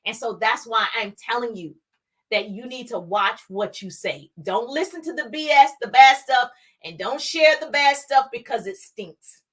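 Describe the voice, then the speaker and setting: A woman business coach giving an energetic motivational talk on a livestream, speaking straight to her viewers and repeating phrases for emphasis. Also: a little high, normal speed.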